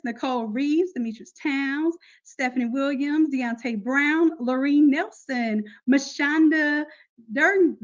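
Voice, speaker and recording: A woman with a high voice leads a live online class in a loose, chatty way, full of slang and direct asides to her students. Her tone stays upbeat and informal. The audio sounds a little muffled and lo-fi. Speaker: online course instructor. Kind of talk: casual live class talk.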